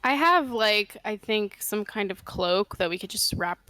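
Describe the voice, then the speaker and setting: A woman's voice: mid-range voice, animated, measured pace, bright, forceful tone, dry recording. A woman playing a tabletop game, making brief, easygoing remarks. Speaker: player. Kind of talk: casual tabletop play.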